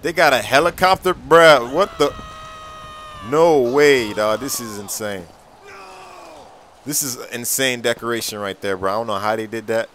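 A young man giving casual, excitable game commentary, full of slang and repeated reactions. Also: medium pitch, moderate pace, pauses often, a little hiss or hum. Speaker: gameplay commentator.

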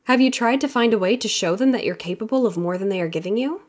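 An earnest, friendly young intern, as a woman reading an audiobook gives her a slightly brighter, lifted voice. She speaks plainly, with no heavy character put-on. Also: a little high, quick pace, voice pushed up, close to an everyday voice.

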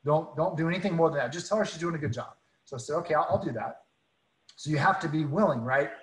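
Earnest male speaker, higher voice, chatty testimony full of restarts, in a roomy space. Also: quick pace. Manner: earnest, many restarts and repeated words. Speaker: guest speaker. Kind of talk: casual faith storytelling.

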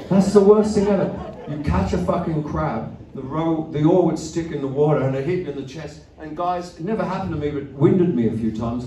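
A man's voice: a little high, mellow, far from the mic. Male musician, on-stage banter, wry and profane, live in a roomy theatre with faint crowd noise. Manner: loose, profane, self-mocking storytelling. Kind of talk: rambling stage banter between songs.

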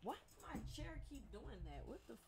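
A young woman live streaming a game, chatting casually with her squad, blunt and profane, breaking into loud laughs. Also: on the high side, sing-song, moderate pace. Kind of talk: casual gaming stream chat. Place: at home in a gaming chair.

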